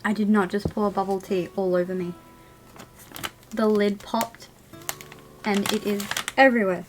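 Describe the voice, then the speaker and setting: A woman's voice: mid-range voice, flat delivery, unhurried, long pauses, faint music behind. A woman casually chatting and laughing while live-streaming a video game and talking to her chat.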